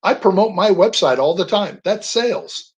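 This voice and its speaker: An older man, a guest on a radio interview, telling personal stories with animated emphasis on single words. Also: sits high, normal speed, low-quality recording. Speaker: guest, veteran.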